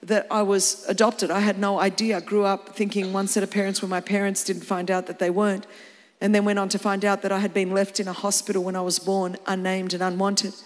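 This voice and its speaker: A woman's voice: mid-range voice, flat delivery, fairly quick. A woman in her fifties with an Australian accent, preaching a sermon with passion that rises to emphatic exclamations. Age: 50s. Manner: impassioned, rising to emphatic exclamations. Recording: long reverb of a large hall.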